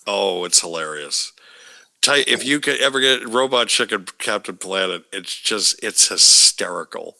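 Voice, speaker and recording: A man's voice: on the low side, expressive, unhurried, creaky, sharp tone. A man hosting a podcast in casual chat, laughing easily, swearing freely and repeating himself for emphasis. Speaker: podcast host.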